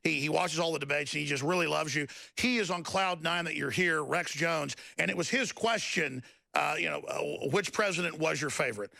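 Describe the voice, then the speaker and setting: A man talking in an impassioned, ranting way, swinging up into shouts. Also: fairly high pitch, lively intonation, brisk, creaky, no echo. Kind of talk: emotional on-air rant.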